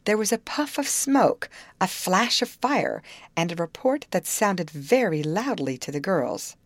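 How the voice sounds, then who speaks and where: A woman reading a children's novel aloud as an audiobook narrator, in an expressive storytelling way. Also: lowish voice, unhurried, dry recording. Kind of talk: scripted narration.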